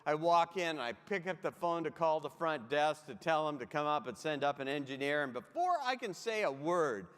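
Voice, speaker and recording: A man's voice: fairly high pitch, lively intonation, moderate pace, few pauses, a bit bright. A man giving a humorous keynote talk, telling comic anecdotes and speaking straight to his audience. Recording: long hall reverb.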